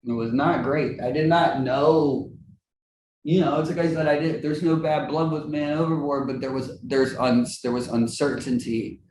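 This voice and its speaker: A man chatting casually as a musician guest in an interview, animated and laughing often. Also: moderate pace, a little hiss or hum. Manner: animated, acts out quoted friends in high voices, laughs often. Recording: roomy with faint ambience.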